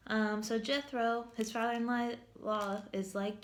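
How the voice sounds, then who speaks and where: A woman's voice: on the high side, unhurried, few pauses. Chatty woman teaching a casual Bible lesson. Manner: chatty, humorous, says "like" a lot. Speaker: church teacher.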